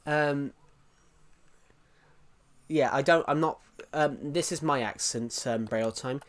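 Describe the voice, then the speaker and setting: A man's voice: medium pitch, slow pace. A young English man chatting loosely on a live stream. He reads chat messages aloud and answers them in a rambling, casual way with offhand swearing. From England. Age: young adult.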